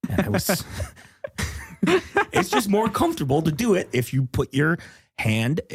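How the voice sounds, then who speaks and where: A man riffing casually as a podcast guest, his voice a little husky and raspy. His pitch swoops up and down as he jokes and laughs often. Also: unhurried. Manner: animated, jokey, laughs often. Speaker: comedian guest.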